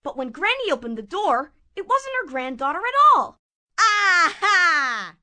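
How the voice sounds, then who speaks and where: A woman's voice: extremely high pitch, moderate pace. Playful woman narrating a puppet show. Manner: playful, expressive.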